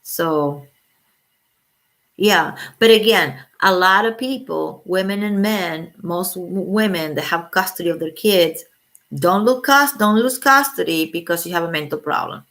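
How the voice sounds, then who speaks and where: Blunt mother on a livestream, lower voice, outspoken and profane. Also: unhurried. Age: adult with children. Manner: blunt, swears freely, animated opinions. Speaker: livestream host. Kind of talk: casual livestream chat.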